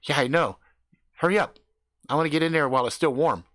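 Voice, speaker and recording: A man voicing an excitable male camp buddy who lets out high ecstatic yelps. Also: quick pace, no echo, studio quality, lightly acted.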